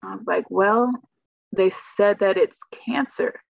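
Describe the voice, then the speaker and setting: A woman's voice: mid-range voice, slow, gravelly, no echo. A woman telling a personal story in casual, rambling speech, full of "like" fillers, on a slightly muffled recording. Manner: rambling, heavy use of "like" fillers. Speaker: guest telling her story.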